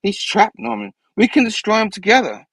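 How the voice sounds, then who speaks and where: A man's voice: high voice, fairly quick, gravelly, fairly bright tone, breathy edge, no room sound, pitched above the performer's own voice, heavily acted. A man voicing an earnest young male hero who speaks in an urgent, sincere way while retelling a comic book.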